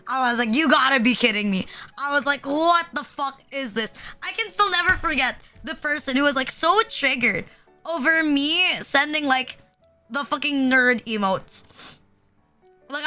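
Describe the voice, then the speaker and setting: High bright-voiced woman streamer venting to chat, says like constantly, cusses a lot, faint music behind. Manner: heavy filler "like", swearing, exasperated ranting. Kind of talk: casual livestream rant.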